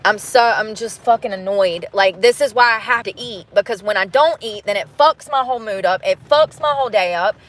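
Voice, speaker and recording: A young woman living in her car rants at her phone camera from the driver's seat as rain falls, swearing and clearly frustrated in this venting vlog. She talks briskly with few pauses, in a mid-range voice that's a bit bright.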